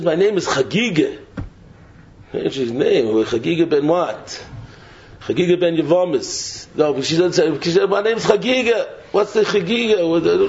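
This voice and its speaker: A man giving a Torah sermon in a sing-song preaching cadence, dropping to a low, soft refrain again and again. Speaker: rabbi giving a Torah talk. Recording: dull lo-fi recording.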